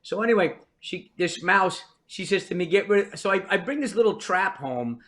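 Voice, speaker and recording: A man's voice: high voice, animated, normal speed, sharp tone. An older man from New Jersey, a veteran comedian telling wry, rambling stories as a podcast guest. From New Jersey, US East Coast. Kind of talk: storytelling in a podcast interview.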